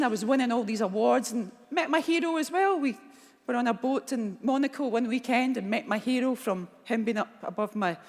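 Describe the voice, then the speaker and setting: A middle-aged Scottish woman giving a keynote speech, telling blunt, animated stories and acting out the dialogue. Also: on the high side. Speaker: keynote speaker. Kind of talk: motivational keynote storytelling. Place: large conference hall. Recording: long hall reverb.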